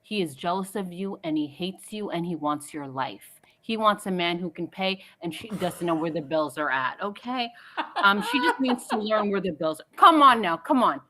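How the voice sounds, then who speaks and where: A woman's voice: lowish voice, expressive, moderate pace, fairly bright tone. Fired-up woman caller scolding the cast. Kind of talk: opinionated call-in commentary.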